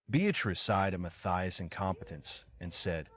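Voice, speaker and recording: A man narrating a story recap in a brisk, scripted reading, voicing every character himself. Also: sits low, fairly bright tone.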